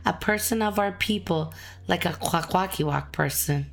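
A woman narrating a documentary in a measured, plain way, who also interviews the guest. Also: lowish voice, gravelly.

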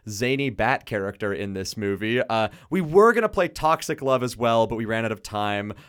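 A man's voice: lowish voice, lively intonation, normal speed, fairly bright tone, smooth. A man hosting a campus radio show in the studio, chatting casually and laughing often. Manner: playful, laughing, jokey.

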